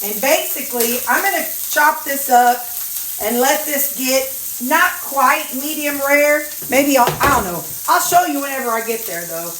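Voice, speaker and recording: A woman's voice: high voice, animated, moderate pace, noisy background. A woman vlogger cooking at home in a casual, folksy way, chatting to her viewers and dogs. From Missouri, USA. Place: home kitchen. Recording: echoey kitchen with sizzling skillet.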